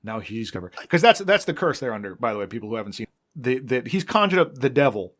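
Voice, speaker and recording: A man's voice: mid-range voice, big pitch swings, fast, a bit bright. A man co-hosting a podcast, explaining his points in a laid-back way in casual chat. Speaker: podcast co-host.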